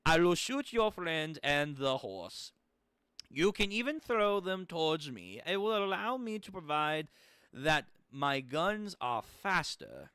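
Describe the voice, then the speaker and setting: A man's voice: on the high side, sing-song, slow, sharp tone, smooth, no echo, exaggerated voice. A man voicing a cold, menacing male cyborg soldier with a put-on German accent while reading a comic aloud. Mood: threatening. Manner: threatening, commanding.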